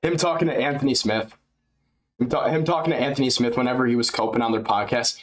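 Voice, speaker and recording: A man's voice: medium pitch, fairly even intonation, fast talker, rough recording. Slangy American streamer man. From United States. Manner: loose, slangy, rambling, laughs often. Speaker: livestream fight-companion host. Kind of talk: casual livestream chat.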